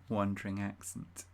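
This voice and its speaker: A woman streams a role-play game and talks her viewers through it in an unhurried, chatty way. She giggles and fills gaps with ums, and keyboard typing and clicks come through behind her. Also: a bass voice, dark tone.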